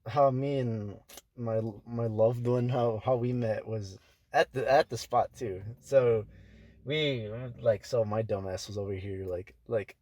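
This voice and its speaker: A young man hosting a casual podcast, rambling through stories with constant fillers, cussing and quick laughs. His voice sits at an ordinary middle pitch. It is recorded dry, close and clean. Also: fairly even intonation, warm tone, no echo. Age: young adult. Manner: loose, profane, full of "like" fillers, laughs often. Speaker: podcast host.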